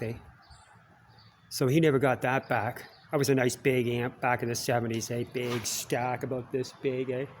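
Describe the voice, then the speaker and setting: A man's voice: medium pitch, slight background noise. A Canadian man in his sixties telling rambling personal stories in a folksy manner, chuckling as he goes. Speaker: vlogger.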